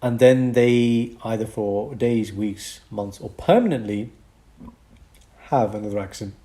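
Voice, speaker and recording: A man's voice: on the low side, unhurried, dark tone. A man co-hosting a casual podcast, explaining medical conditions and chuckling between points.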